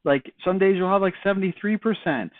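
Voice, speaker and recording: A man giving a casual sales training talk, chatty and lively, acting out both sides of a phone call. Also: high-pitched, fairly quick, no echo. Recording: dry tinny phone-like audio.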